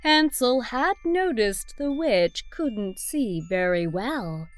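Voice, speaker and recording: Very slow, lilting storybook narrator, woman. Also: on the high side, lively intonation, no room sound, soft background music. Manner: clear, deliberate read-aloud for small children.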